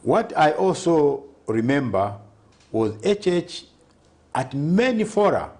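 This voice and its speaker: A party president answers questions in a TV studio interview. He argues point by point with emphasis, keeps asking "Okay?", and trips over the odd word. His voice is fairly high, very animated, a little mellow, and slow.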